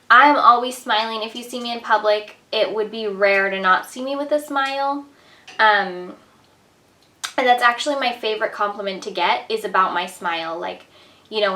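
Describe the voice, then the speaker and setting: A woman's voice: medium pitch, bright, forceful tone. A young woman vlogger talking casually to the camera, chatty and full of "like" and "um". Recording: echoey room, mic at a distance.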